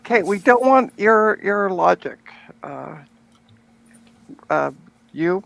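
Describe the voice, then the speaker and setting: Playful woman with a gravelly edge. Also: medium pitch, animated, takes it slowly, poor audio. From Canada. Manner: playful, laughing. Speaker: guest on a livestream. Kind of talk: casual group chat on a video call.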